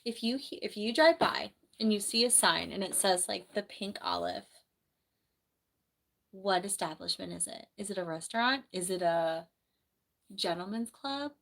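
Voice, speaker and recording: A woman's voice: medium pitch, sing-song, moderate pace, gravelly, fairly bright tone. Chatty young woman from New Jersey. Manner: rambling, chatty, reads viewer comments aloud. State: slightly hoarse from the flu. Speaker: nurse and livestream host. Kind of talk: casual livestream chat. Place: bedroom at home.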